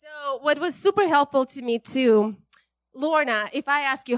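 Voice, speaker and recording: A woman with a high voice preaches in a relaxed, conversational way. She is chatty and animated, laughs a lot and keeps checking in with her listeners. The sound is close and dry. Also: moderate pace, no room sound. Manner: chatty and animated, laughs often, many "right?" tags. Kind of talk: casual, conversational sermon.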